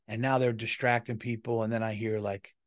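A man's voice: on the low side, little pitch movement, brisk. A middle-aged man, a comedian hosting his own podcast, telling a story in a loose, rambling monologue, swearing freely and restarting sentences as he goes.

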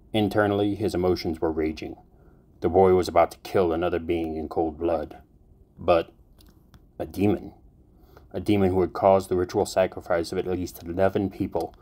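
Brief: male narrator, very low voice, even storytelling pace. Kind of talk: fan fiction audiobook reading.

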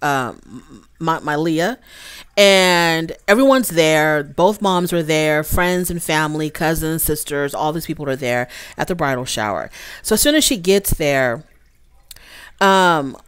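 A woman with a fairly low voice recaps reality TV episodes in a casual, chatty way. She talks straight to her viewers as y'all. Her voice sounds close and dry, with no room echo. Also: fairly bright tone, clear, resonant tone. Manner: chatty, addresses viewers as y'all, acts out quotes.

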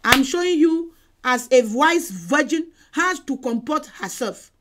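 Woman evangelist, sermon, very high voice, sweeping pitch, emphatic repetition, online call. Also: animated, measured pace, a bit bright. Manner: emphatic, repeats phrases, exhorting.

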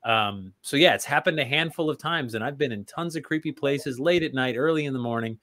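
A male guest in a casual chat, telling stories in an animated, joking way. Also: medium pitch, brisk, slight background noise.

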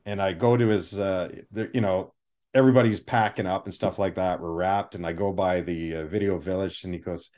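A man, a film armorer, telling stories in an interview, animated and acting out what other people said. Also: on the low side, normal speed. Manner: animated anecdotes, acts out quoted people. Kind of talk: storytelling interview.

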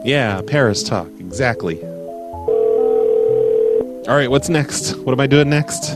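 A man's voice: mid-range voice, animated, slow, loud music behind the voice. Playful mock-earnest male host. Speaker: prank call show host. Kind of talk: live call-in show chat.

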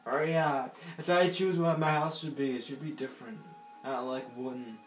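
A man's voice: medium pitch, steady tone, normal speed, faint music behind. A man giving casual gameplay commentary, rambling and giggly, talking to himself while he plays. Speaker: gaming channel host. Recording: roomy echo.

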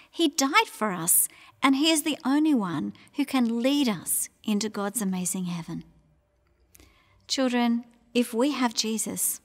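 A woman telling a children's Bible story in a lively, swooping voice that rises and falls widely. She speaks slowly and brightly, acting out sounds and voices. A long hall reverb trails behind her words. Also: a little high. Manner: animated, acts out sounds and voices.

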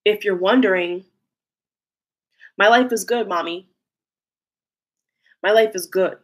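A woman's voice: medium pitch, slow pace, lightly acted. Woman voicing a remorseful pleading lover. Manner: pleading, blunt, emotional first-person outpouring. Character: remorseful lover begging forgiveness, anguished. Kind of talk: channeled message spoken aloud.

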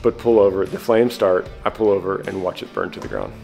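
A man's voice: deep voice, fairly even intonation, a little fast, gravelly, a little mellow, soft background music, rough recording. A man hosting a family vlog, chatting casually and a little out of breath, often restarting his sentences. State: slightly out of breath. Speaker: vlog host and preacher.

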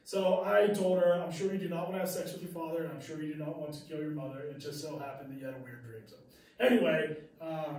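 A man's voice: fairly high pitch, darkish tone, far from the mic. A male teacher giving a casual classroom lecture, conversational with fillers and restarts. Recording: very echoey room, mic from afar.

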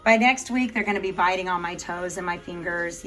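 A woman's voice: normal speed, fairly bright tone, soft background music, low-quality recording. A woman breeder chatting casually to the camera about her puppies, now and then cooing at them in a sing-song voice. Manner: chatty, coos in a higher voice to the puppies. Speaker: dog breeder.

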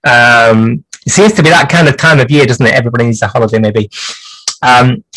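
A man's voice: mid-range voice, brisk, a bit bright, slight background noise, low-quality recording. A man teaching clock repair on a livestream, rambling and thinking aloud as he works at his bench. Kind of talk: live workshop demonstration.

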